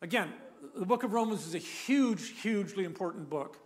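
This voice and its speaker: A man's voice: high-pitched, lively intonation, a little fast. A man preaching a sermon, emphatic and repetitive, leading the listeners to say lines back with him. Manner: emphatic, repeats key phrases, leads the audience in repeating lines.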